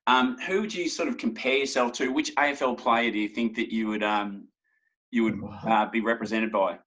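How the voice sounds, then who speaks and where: A man's voice: medium pitch, normal speed, a bit bright, lo-fi sound. A man hosting a podcast, asking questions and chiming in with short replies. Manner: brief encouraging interjections and questions. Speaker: podcast host. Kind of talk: casual interview.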